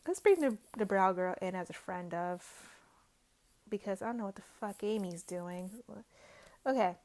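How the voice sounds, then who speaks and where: A woman's voice: medium pitch, normal speed, pauses often, a little mellow. A woman giving a casual, chatty recap of a reality show episode, swearing freely and acting out what people said. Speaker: recap vlogger.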